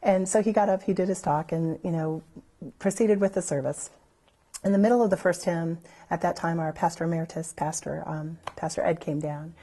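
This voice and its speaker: A woman's voice: on the low side, a little fast. A woman, a church member, telling her own story unscripted, rambling along with lots of "you know" fillers. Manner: lively when recalling others' words.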